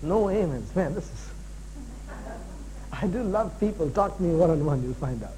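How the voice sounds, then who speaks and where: A man preaching a sermon as pastor, animated and full of jokes and asides. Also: on the high side, moderate pace, long pauses, slight background noise, low-quality recording.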